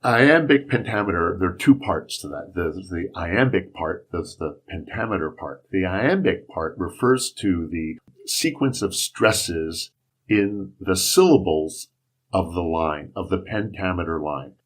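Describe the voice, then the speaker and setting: Low husky man explaining verse. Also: animated, unhurried. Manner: patient explaining, spells out rhythm. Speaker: Shakespeare instructor, guest. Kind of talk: casual interview talk.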